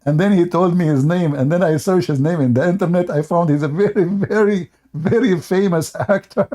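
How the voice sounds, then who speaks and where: Husky, mellow-voiced man telling a story. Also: sits high, normal speed. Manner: animated, laughs often, acts out quotes. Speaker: livestream host. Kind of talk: casual storytelling on a livestream.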